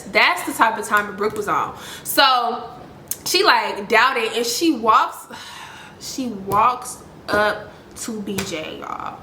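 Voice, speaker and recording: A woman in her twenties telling a story to camera in a casual, slangy, animated way, talking to viewers as y'all. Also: on the high side, takes it slowly, echoey room, a little hiss or hum. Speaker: storytime vlogger.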